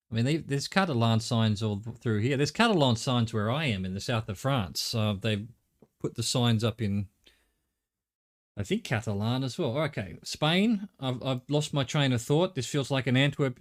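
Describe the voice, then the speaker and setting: A middle-aged Australian man streaming a game, thinking aloud in a rambling way and swearing casually. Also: mid-range voice. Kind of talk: live gameplay commentary.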